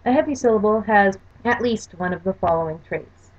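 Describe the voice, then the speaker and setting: A woman's voice: medium pitch, fairly quick. A woman teaching a language lesson over a slide show, explaining rules carefully and spelling out examples. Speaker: language course lecturer. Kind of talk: recorded lecture over slides. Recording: dull lo-fi recording.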